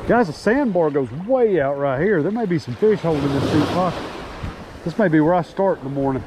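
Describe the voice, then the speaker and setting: A man, a fishing vlogger who talks excitedly and exclaims a lot while surf fishing outdoors. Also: on the high side, brisk. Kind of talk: excited outdoor vlog commentary. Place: outdoors on an ocean beach, surf behind. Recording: outdoor recording with loud surf noise.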